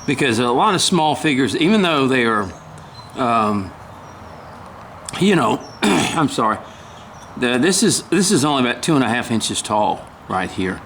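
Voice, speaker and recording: An older man giving a casual woodcarving demonstration, talking haltingly, often clearing his throat and apologizing. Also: medium pitch, sing-song, a bit bright, slight background noise. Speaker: woodcarving instructor.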